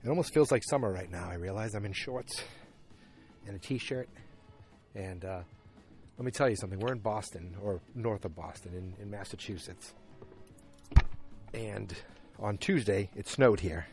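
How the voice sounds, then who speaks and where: A man's voice: on the low side, moderate pace, a little mellow, soft background music. A man hosting a podcast, recapping an episode in a loose, rambling, chatty way full of fillers, talking at home while his dog moves around. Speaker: podcast host. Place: at home in New England, moving about with his dog.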